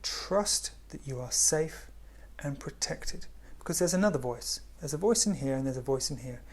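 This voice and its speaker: A man giving a spiritual talk in a gentle, unhurried way, often dropping to a hush. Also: a little high, animated. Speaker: spiritual teacher.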